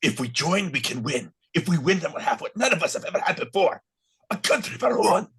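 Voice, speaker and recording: A man's voice: on the high side, sing-song, brisk, fairly bright tone, breathy edge, voice pushed up, full character voice. A man impersonating a rousing Scottish rebel delivering a rallying speech from a movie. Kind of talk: mock movie-line impression.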